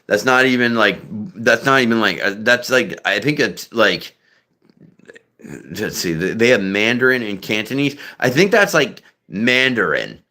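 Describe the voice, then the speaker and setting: A man's voice: lowish voice, expressive, a little slow, pushed and bright. A man hosting a live stream, chatting casually in a profane, rambling way. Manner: profane, rambling, many fillers and restarts. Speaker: livestream host.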